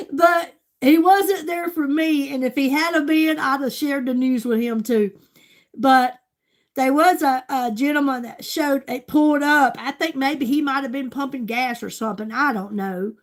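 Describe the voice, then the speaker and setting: Chatty grandma, high voice. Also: female voice, moderate pace. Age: older. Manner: chatty, gushing, talks straight to viewers. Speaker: livestream host. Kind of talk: casual livestream chat.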